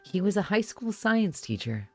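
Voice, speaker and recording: A man voicing a teenage schoolgirl in a visual novel, sounding sharp and incredulous. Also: sits high, big pitch swings, normal speed, faint music behind. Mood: indignant.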